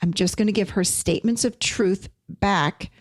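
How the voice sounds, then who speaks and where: A woman's voice: mid-range voice, moderate pace, no echo, clean studio sound. A woman hosting a casual talk to listeners, speaking emphatically and repeating key phrases for weight. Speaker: podcast host and teacher.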